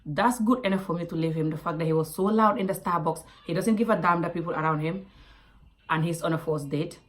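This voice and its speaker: A woman from Africa telling a personal story to camera, animated, with quiet asides and whispers. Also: lowish voice, a little fast. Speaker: vlogger.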